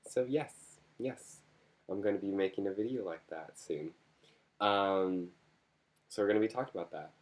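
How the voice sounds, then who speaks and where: A man's voice: sits low, darkish tone. A man vlogging in a casual chat to his camera, rambling from topic to topic with jokes and self-mocking asides.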